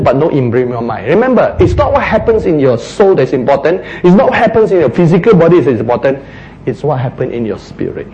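A man preaching a sermon, acting out quotes, sometimes shouting and then dropping to a hush. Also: a little high, a little hiss or hum, low-quality recording. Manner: animated, acts out quotes, shouts and drops to a hush.

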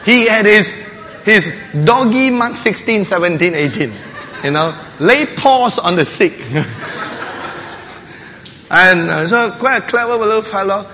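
A man preaching a sermon, telling a lively story with laughs and playful barking sounds. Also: high voice, measured pace, slight background noise. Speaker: pastor. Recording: long hall reverb with faint ambience.

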